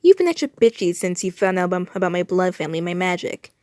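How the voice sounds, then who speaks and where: A woman's voice: fairly low pitch, sing-song, fast, darkish tone, no echo, clean studio sound. A woman voicing an angry, defiant personified young nation in a put-on American accent, reading fanfiction aloud in a bitter, hostile tone.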